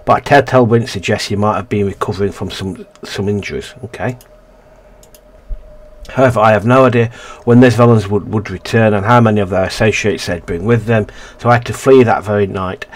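A man's voice: lowish voice, fairly even intonation, brisk. A man casually reading a narrative game's text aloud and commenting, often stumbling and correcting himself. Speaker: let's-play gamer.

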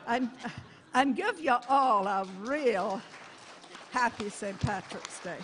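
An older woman giving a personal testimony in church, folksy and heartfelt, with halting restarts. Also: a little high, expressive, noisy background.

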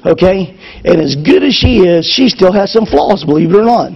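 A man preaching a sermon to his congregation, moving between loud fervor and hushed lines. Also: sits high, expressive, moderate pace, vocal fry, slightly rough, lo-fi sound. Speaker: pastor. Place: church service.

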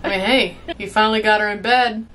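A woman's voice: mid-range voice, steady tone, a little fast, a bit bright, slight background noise. A woman in her twenties giving a chatty, exclamatory reaction to a movie as she watches. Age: 20s. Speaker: reaction video host. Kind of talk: casual movie reaction commentary.

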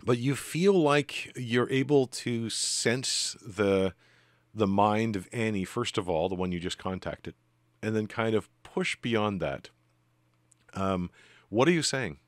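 A man's voice: fairly low pitch, takes it slowly, no room sound. A man narrating as game master in a tabletop game, rambling a little with frequent ums. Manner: rambling, with many ums and restarts.

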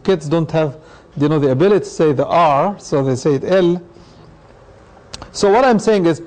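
Middle-aged male imam lecturing, mellow, pitched a bit high. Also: low-quality recording. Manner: explanatory, uses anecdotes and acted quotes. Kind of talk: lecture with audience questions.

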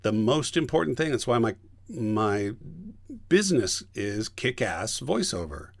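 A voice director spins a story from the booth in a relaxed podcast chat. His delivery is lively, and his pitch leaps as he acts out everyone in the tale. The sound is dry and close, with no room around it. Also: measured pace, vocal fry, dry recording. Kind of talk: casual storytelling interview.

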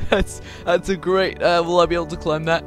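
A man playing a voice-controlled game and talking to his viewers in a chatty, confused way, now and then breaking into loud high yells, with his mic held close to his mouth. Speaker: gaming YouTuber. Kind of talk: casual let's play commentary. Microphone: handheld mic held close to the mouth.

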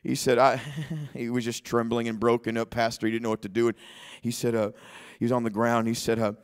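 A man preaching a sermon in a church, telling a personal story and swinging between shouted exhortation and quiet, hushed retelling. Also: mid-range voice, level tone, brisk, smooth. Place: church sanctuary.

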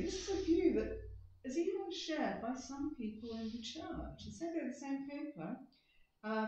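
Animated woman preaching in an echoing church. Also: fairly high pitch. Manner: animated, dramatic emphasis, acts out quotes. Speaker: guest speaker. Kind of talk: church talk. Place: church hall. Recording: distant roomy church hall, slightly dull.

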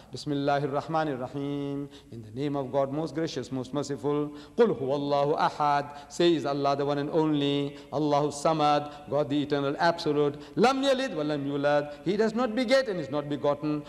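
A man giving an animated religious lecture to an audience, asking rhetorical questions and swinging between loud emphasis and quiet asides. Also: a little high. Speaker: preacher. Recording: long hall reverb.

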